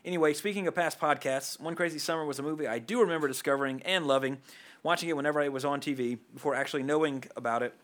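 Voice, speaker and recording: A man hosting a casual podcast chat, joking and animated. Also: on the high side. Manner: animated, joking, talks quickly. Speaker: podcast host.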